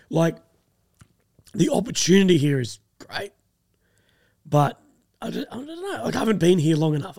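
Creaky young Australian man, dry sound. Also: on the high side, darkish tone, dry recording. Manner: rambling, hesitant, sardonic. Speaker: co-host. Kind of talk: casual chat.

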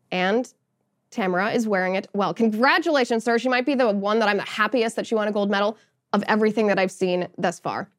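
Sarcastic, indignant woman podcast host. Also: on the high side. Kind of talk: opinionated political commentary.

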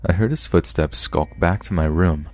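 Male podcast narrator with a low voice, reading horror stories steadily. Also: normal speed, darkish tone. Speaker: podcast host and story narrator.

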